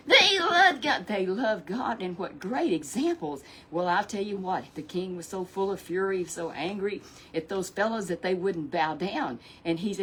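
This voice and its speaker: A woman's voice: mid-range voice, a little mellow. Female storyteller for a children's Bible tale. Folksy, repetitive, chats to a puppet. Faint background noise. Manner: chatty and repetitive, with asides to a puppet.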